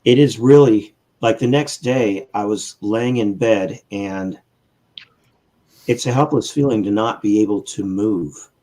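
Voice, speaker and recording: A man's voice: lowish voice, unhurried, warm tone, low-quality recording. Easygoing male podcast host. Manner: easygoing, rambling storytelling. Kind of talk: casual chat.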